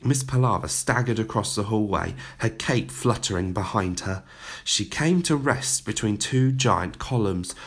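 A man reading a children's story aloud with expressive, dramatic narration. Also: fairly low pitch, measured pace, breathy edge.

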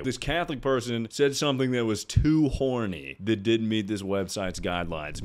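A man's voice: fairly low pitch, normal speed, hardly any pauses, faint music behind. A young man streamer reading an AI chat aloud for laughs, with a playful, mocking delivery.

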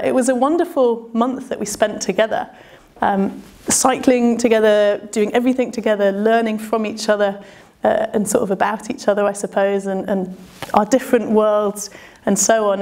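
A woman's voice: medium pitch, fairly even intonation, moderate pace, darkish tone. A woman telling a travel story in a chatty, self-deprecating way, laughing often. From Britain. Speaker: adventurer and speaker. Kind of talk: storytelling talk.

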